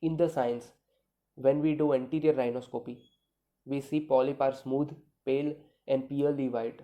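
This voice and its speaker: A man's voice: medium pitch, fairly even intonation, moderate pace, dark tone. A man giving a medical video lecture, talking conversationally, repeating key points and checking in with "okay" and "right".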